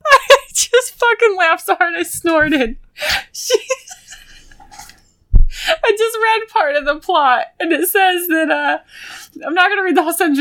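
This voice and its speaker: A giggly woman co-host chatting on a podcast, her voice bright and a little higher than most. The sound is dry and close. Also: no room sound. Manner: giggly, animated. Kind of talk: casual podcast chat.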